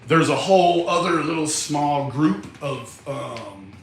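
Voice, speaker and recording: A man chatting casually with viewers on a livestream, animated and joking, swearing and laughing often. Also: on the high side, slow pace, vocal fry, a little hiss or hum. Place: outdoors in a backyard.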